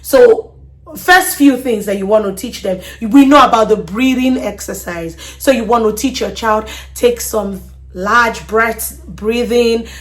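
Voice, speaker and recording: A woman's voice: fairly high pitch, a little slow. A woman hosting a parenting talk, speaking earnestly, often repeating words and checking in with "okay?" as she explains. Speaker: podcast host.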